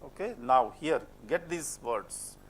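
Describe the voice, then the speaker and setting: A man's voice: mid-range voice, animated, takes it slowly, slight background noise. A man with an Indian English accent lecturing a class on French pronunciation, asking questions and repeating words as a drill. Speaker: French phonetics teacher.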